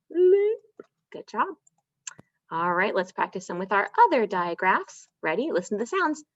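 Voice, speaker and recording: A woman teaching an online first-grade phonics lesson, stretching out letter sounds slowly and praising in a sing-song way. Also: mid-range voice, no echo. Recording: dull, dry lo-fi sound.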